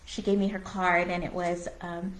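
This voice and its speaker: A woman's voice: lowish voice, level tone, normal speed. A woman co-hosting a casual spiritual conversation, speaking candidly and earnestly with lots of "you know" and "like" fillers and a blunt, sometimes profane streak. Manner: blunt, with occasional swearing. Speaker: co-host of a spiritual conversation show. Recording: echoey room.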